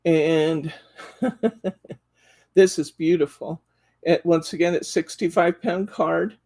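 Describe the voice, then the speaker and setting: Warm in tone and on the low side, her voice takes things slowly. She hosts a live craft store show-and-tell, excitedly gushing over card stock packs and counting the sheets out loud while flipping through them.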